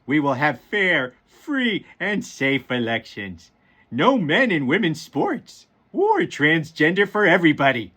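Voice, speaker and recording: Brief: loud, shouty cartoon dad voice, raised and swooping, as a man puts it on. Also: on the high side, very animated, unhurried, full character voice. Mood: ranting. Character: Homer Simpson impression reading an angry rant.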